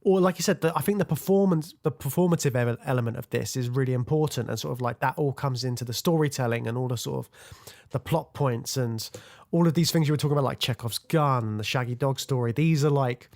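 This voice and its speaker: A man's voice: medium pitch, fast talker, creaky, darkish tone. A man co-hosting a film podcast, talking casually and rambling with lots of fillers. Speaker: podcast co-host.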